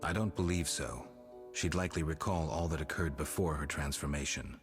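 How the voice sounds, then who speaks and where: An actor voicing a gruff male witcher, a monster hunter who speaks in short, clipped lines of video game dialogue. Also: a little fast. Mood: terse. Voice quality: very deep, clipped, terse. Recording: game audio with music beneath.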